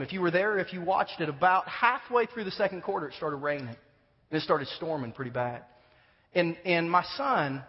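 A man preaching a sermon, telling a story and acting out the voices of the people in it. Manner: animated, acts out dialogue with rising pitch. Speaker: pastor. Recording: dull sound with long reverb.

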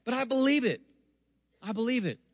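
A man in his forties preaching a sermon, telling a family story with lively delivery, acting out voices and stumbling over words now and then. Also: very high-pitched, a little fast, dry recording. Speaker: guest preacher. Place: church sanctuary.

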